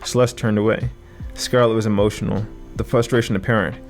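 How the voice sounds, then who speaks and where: A man's voice: fairly low pitch, little pitch movement, a little fast, faint music behind. A man narrating a first-person thriller audiobook with vivid, dramatic storytelling.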